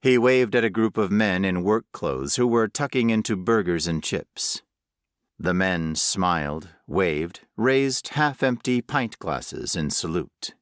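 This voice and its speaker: A man giving an unhurried, expressive scripted narration of a horror story. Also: low-pitched, dry recording, studio quality. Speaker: audiobook narrator.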